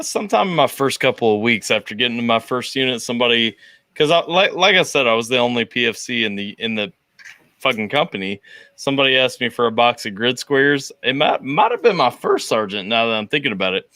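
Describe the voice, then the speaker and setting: A man's voice: medium pitch, sing-song, brisk, bright, forceful tone, dry recording. A man and army veteran, a guest on a casual podcast, who tells a rambling, self-deprecating story. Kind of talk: casual chat.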